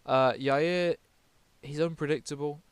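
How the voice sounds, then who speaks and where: A man's voice: fairly high pitch, fairly even intonation, a little slow, smooth, no room sound. A man from the UK giving casual fight predictions, rambling, swearing often and correcting himself as he goes. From United Kingdom. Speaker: MMA vlogger.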